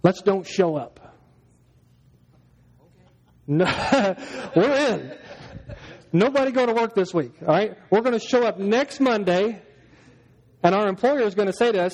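A man's voice: sits high, measured pace, long pauses, darkish tone. A man preaching a sermon as pastor, talking to the congregation in a chatty way and acting out everyday scenes in little voices. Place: church hall. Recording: long hall reverb.

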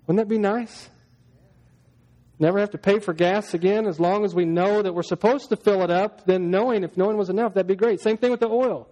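High-voiced pastor preaching in a hall. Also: male voice, fairly even intonation, brisk, mellow. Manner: conversational, plays out everyday scenes in little voices. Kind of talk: sermon. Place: church hall. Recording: long hall reverb.

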